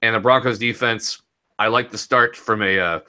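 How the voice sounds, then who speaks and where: A man's voice: fairly low pitch, steady tone, normal speed, pushed and bright. A young man talking casually and rambling a bit as he recaps a fantasy football week, laughing easily. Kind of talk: casual podcast chat.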